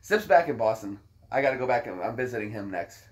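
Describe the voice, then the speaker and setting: A man's voice: mid-range voice, lively intonation, fast talker. A man hosting a casual chat, telling rambling, jokey stories. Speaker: host.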